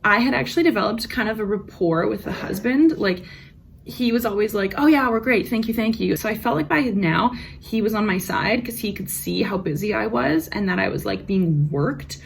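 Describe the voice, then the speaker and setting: A woman's voice: medium pitch, lively intonation, normal speed, creaky, a little hiss or hum. A young woman vlogger telling work stories in a frank, profane, ranting way, casual storytime.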